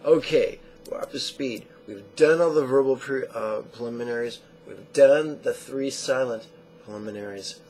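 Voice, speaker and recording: A man teaching a meditation lesson in a slow, measured way, often repeating short phrases. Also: medium pitch, darkish tone, soft background music, poor audio.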